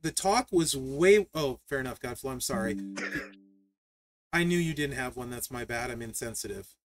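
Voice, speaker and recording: A man hosting a live stream, telling family stories in a casual, animated way, laughing often and reading chat aloud. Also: mid-range voice, moderate pace. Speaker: livestream host.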